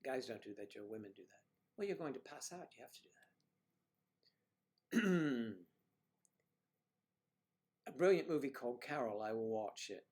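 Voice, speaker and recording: A man hosting a casual livestream, talking at an ordinary middle pitch. He chats loosely, teases his viewers and keeps dropping jokey asides. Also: lively intonation, normal speed, pauses often, a little mellow. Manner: chatty, teasing, jokey asides. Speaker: livestream host. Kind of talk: casual chat reading viewer comments.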